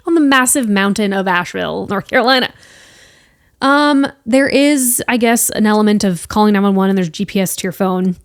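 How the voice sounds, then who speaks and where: A young woman in a chatty podcast, telling a story with breathless energy and a steady stream of "like"s. Her voice sits at an ordinary middle pitch. It is recorded dry and close, with no room sound. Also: normal speed, no room sound. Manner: animated, breathless retelling with frequent "like" fillers. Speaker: podcast host. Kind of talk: casual storytelling.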